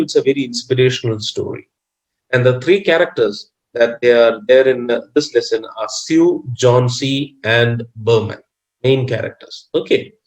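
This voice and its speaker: A man's voice: mid-range voice, low-quality recording. Teacher man explaining with many fillers. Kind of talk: online class lesson.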